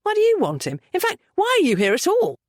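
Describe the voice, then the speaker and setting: A woman's voice: on the high side, big pitch swings, moderate pace, fairly bright tone, no echo, clean studio sound, voice pushed up, heavily acted. A woman doing a bemused young brother. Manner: bemused and questioning.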